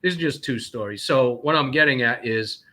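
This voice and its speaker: A man's voice: mid-range voice, normal speed, pushed and bright. A man from North Carolina, a trucker and guest, talking indignantly and rambling with many fillers. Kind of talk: casual call-in talk, telling stories.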